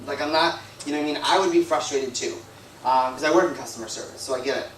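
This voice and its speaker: A man's voice: mid-range voice, fast talker, a bit bright, a little hiss or hum. Rambling man preaching in echoey hall. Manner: rambling, conversational, heavy on "like" and "you know". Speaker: guest preacher. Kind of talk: storytelling sermon. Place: church hall. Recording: echoey room, from a distance.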